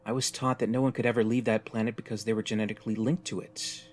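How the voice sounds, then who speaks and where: A man's voice: fairly low pitch, flat delivery, quick pace, a little mellow, faint music behind, natural voice. Jaded stranded young woman, tough and resigned, read by a male narrator. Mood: explaining. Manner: blunt, weary, resigned.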